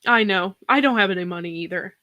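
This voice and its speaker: A tearful woman hosts a casual live stream, her voice at an ordinary middle pitch. She rambles and sighs, restarting her sentences often. The sound is dry and close, with no room echo. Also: fast talker, sharp tone, lo-fi sound. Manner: rambling, sighing, with many restarts. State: tearful after crying. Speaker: host of a farm channel live stream.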